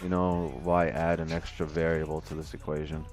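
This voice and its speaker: A man's voice: a bass voice, level tone, fairly quick, darkish tone. A man hosting a live trading stream, chatting casually and joking with guests. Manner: laid-back, joking, laughs often. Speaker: stream host, forex trader.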